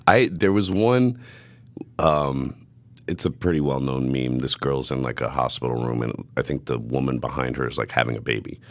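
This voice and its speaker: A man's voice: rumbling low, normal speed, dry recording. A young man hosting a podcast, telling stories in a profane, laughing, casual way. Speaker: podcast host.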